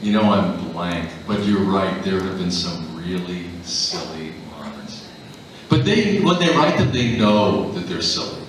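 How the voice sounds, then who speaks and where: A man's voice: deep voice, a little slow, slight background noise. A man who voices characters, telling stories to a live convention panel audience and acting out the voices in them. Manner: animated, acts out the voices in his stories. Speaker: voice actor guest on a convention panel. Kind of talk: anecdotal storytelling to a live audience. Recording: echoey hall, mic heard from far off.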